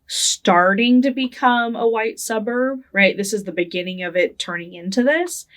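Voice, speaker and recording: A woman's voice: mid-range voice, fairly bright tone. A young adult woman from Northern California talks through her childhood memories for an oral history interview. She keeps a casual, reflective tone, often adds "right?", and laughs lightly now and then. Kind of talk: reflective personal storytelling.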